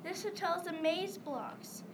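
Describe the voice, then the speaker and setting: A girl squeaking as Ralph the excitable mouse. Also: unhurried. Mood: excited. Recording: loud background noise.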